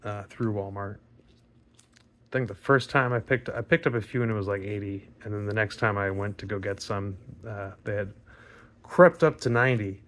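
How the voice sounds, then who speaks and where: A man with a raspy voice, chatting casually and rambling with fillers and mild swearing while opening trading card packs. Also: fairly low pitch, steady tone, normal speed, fairly bright tone, a little hiss or hum. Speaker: card pack opening vlogger. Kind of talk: casual pack opening commentary.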